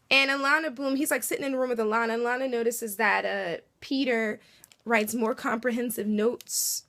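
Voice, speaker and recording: A woman's voice: a little high, a bit bright. A woman casually recapping a TV episode, chatty and full of fillers, acting out little reactions as she goes. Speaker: TV episode reviewer.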